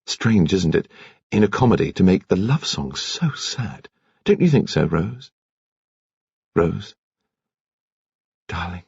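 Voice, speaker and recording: A man reading an audiobook voices a shy young male doctor who speaks rapidly and flusteredly. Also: low-pitched, lively intonation, creaky, a little mellow, slightly rough, dry recording, full character voice. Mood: tender. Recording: dull, muffled audiobook recording.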